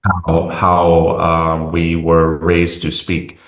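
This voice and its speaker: A man's voice: sits low, completely flat delivery, very slow, roomy sound. An American man talking casually as an interview guest, hesitant with many fillers and restarts. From United States.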